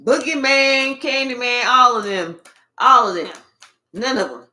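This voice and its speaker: Slow, bright-voiced woman reading tarot. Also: on the high side. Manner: animated, drawling, sassy, talks to spirit and viewers. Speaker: tarot reader. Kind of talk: live tarot reading, casual chat.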